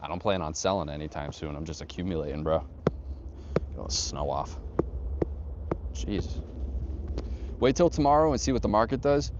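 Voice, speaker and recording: A man's voice: sits low, animated, normal speed, long pauses, highs cut off. A man hosting a casual livestream while hiking a snowy trail outdoors, bantering loosely and swearing as he reads chat aloud. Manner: loose, profane, joking banter with viewers. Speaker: livestream host reading chat. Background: wind.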